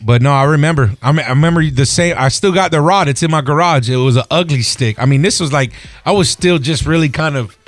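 Man, radio host, animated storyteller, dry studio sound, slightly high voice. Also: fast talker, dry recording. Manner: animated storyteller, laughs often. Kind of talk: casual fishing radio chat.

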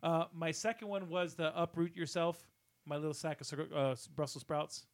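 A man co-hosting a casual movie podcast, playful and animated as he retells scenes. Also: on the high side, normal speed. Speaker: podcast co-host.

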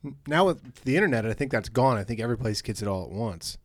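A man's voice: medium pitch, expressive, fast talker. A man co-hosting a movie podcast, who chats casually and jokes. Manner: chatty and joking. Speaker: podcast co-host.

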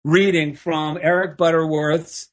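A man's voice: on the high side, little pitch movement. A man co-hosting a podcast, chatting casually with playful quips and reading a listener letter aloud. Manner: playful, quick with quips and laughs. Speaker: podcast co-host. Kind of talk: casual chat.

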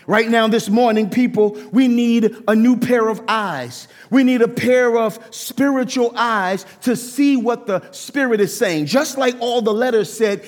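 A man preaches with lively, animated delivery, acting out voices as he teaches. His voice sits high for a man. The sound carries a long reverb from a church sanctuary. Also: a little slow, few pauses. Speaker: pastor. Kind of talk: sermon.

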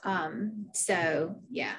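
A woman's voice: lowish voice, very slow, background noise. A woman from South Carolina with a Southern accent, chatting casually as an interview guest, full of fillers and "like"s.

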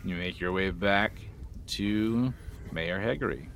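A man runs a tabletop game in a slow, slightly low voice. He lingers over the scene-setting at an easygoing pace, and a faint hiss sits under the recording. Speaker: game master.

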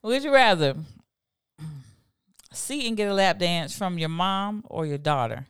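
A brash woman co-hosting a podcast, laughing and cursing with a lively, swinging voice. Her tone is smooth and clear, and the dry sound sits right on the mic. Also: on the low side, unhurried, dry recording. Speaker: podcast co-host. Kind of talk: casual chat.

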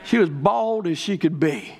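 A middle-aged man preaching a revival sermon, fervent and often shouting his declarations. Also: a little high, expressive, unhurried, vocal fry. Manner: fervent, shouting, rising to proclamations.

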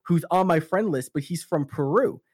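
A man telling a profane, animated story in casual chat with friends. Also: a little high, normal speed, slightly rough, no room sound, clean studio sound.

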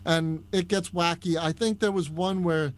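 A man's voice: on the high side, moderate pace. Chatty man with a Long Island accent. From Long Island, New York. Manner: storytelling, animated, with restarts. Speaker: podcast guest. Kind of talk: casual chat. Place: Orlando, Florida.

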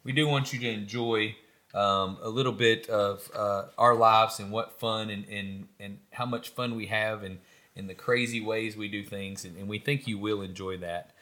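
A man co-hosting a casual podcast, animated and joking, often lifting his voice. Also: fairly low pitch, normal speed. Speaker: podcast co-host. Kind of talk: casual chat.

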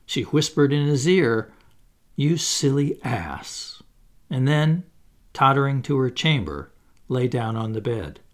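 A man narrating a children's storybook with an expressive, dramatic delivery that slows for suspense. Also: medium pitch. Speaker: audiobook reader.

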